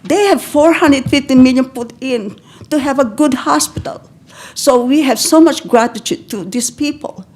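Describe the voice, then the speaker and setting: During public comment at a county board meeting, an older Filipino woman pleads emotionally, nearly in tears, halting and restarting repeatedly. Her voice sits high with a slightly mellow quality.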